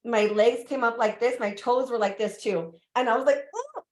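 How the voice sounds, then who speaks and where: A woman podcast guest and coach telling a candid personal story in an animated way, laughing often and acting out her reactions. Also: fairly high pitch, moderate pace, a little hiss or hum.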